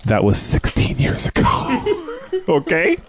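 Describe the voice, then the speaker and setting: A man's voice: fairly high pitch, wildly swooping pitch, takes it slowly, crowd noise. A man in his thirties co-hosting a casual food review chat, joking and trash-talking. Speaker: podcast co-host.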